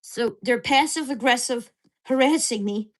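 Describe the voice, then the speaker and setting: A woman's voice: fairly high pitch, a little slow. A woman in her sixties, venting to camera at home in an agitated, swearing rant. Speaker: vlogger. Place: at home in a mobile home park.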